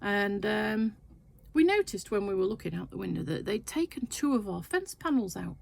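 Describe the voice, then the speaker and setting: An older woman chats her way through a long anecdote, wandering off into asides as she goes. Her voice has a gravelly edge and sits at a middling pitch. She talks casually from her sewing shed. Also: very animated, normal speed. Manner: chatty, rambling anecdote with asides. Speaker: sewing vlogger. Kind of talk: casual storytelling chat.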